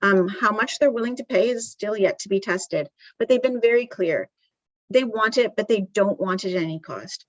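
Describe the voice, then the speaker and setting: A woman's voice: medium pitch, no room sound, dull audio. A woman giving a live conference presentation in a conversational way, with frequent ums and restarts. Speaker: conference speaker. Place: conference venue.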